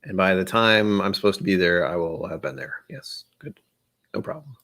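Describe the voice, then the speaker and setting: Rambling low-voiced man musing to himself. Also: expressive, normal speed, vocal fry, sharp tone. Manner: rambling, self-deprecating humor. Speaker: vlog host. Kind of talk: casual solo musing.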